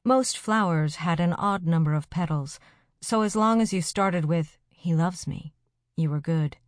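A woman narrating a first-person audiobook in an even storytelling delivery. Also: on the low side, moderate pace, no room sound. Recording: dry close studio sound.

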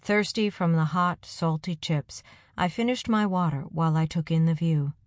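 A woman narrating a first-person audiobook in an even storytelling delivery. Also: deep voice, normal speed, no echo. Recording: dry close studio sound.

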